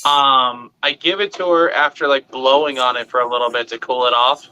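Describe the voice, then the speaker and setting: A man's voice: mid-range voice, normal speed, smooth, rough recording. A man in his thirties on a podcast, telling a family anecdote in casual chat and acting out the voices in it. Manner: animated, acts out voices in anecdotes.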